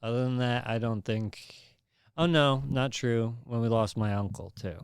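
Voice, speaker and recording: A male comedian chatting as a podcast guest, his voice smooth and resonant at an ordinary men's pitch. He tells stories in a relaxed, self-mocking way. The recording is dry and close. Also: normal speed, dry recording. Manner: relaxed, self-deprecating storytelling. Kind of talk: casual podcast chat.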